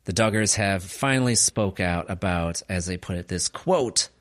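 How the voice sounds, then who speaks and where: A man with a low voice hosts a casual podcast and steers the conversation. He speaks bluntly, in a dry, close recording. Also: moderate pace, no echo. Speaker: podcast host.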